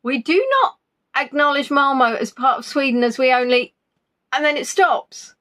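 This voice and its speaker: A woman's voice: high-pitched, moderate pace, sharp tone. Chatty woman rambling on a livestream. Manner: chatty, rambling, self-deprecating. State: not fully recovered from illness. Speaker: livestream host. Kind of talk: casual live-stream chat. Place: at home.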